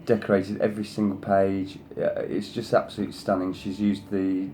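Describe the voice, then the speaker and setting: Deep voiced guy showing off craft samples, pretty monotone, lots of "you know", faint hiss behind. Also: normal speed. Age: adult, sister past thirty. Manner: effusive, rambling with many "you know"s; coaxes his pet in a higher voice. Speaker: craft channel host showing design samples. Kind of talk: casual show-and-tell.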